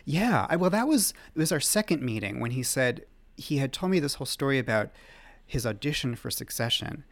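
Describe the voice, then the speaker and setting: Gravelly-voiced man telling lively anecdotes. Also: medium pitch. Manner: animated anecdotal storytelling, quick laughs. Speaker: magazine staff writer, guest. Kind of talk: podcast interview conversation.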